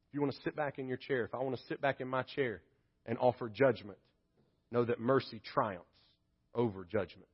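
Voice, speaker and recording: A man preaching a sermon as a pastor, swinging from hushed, reflective passages to loud, emphatic ones. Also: mid-range voice, normal speed, breathy edge. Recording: dull lo-fi sermon audio.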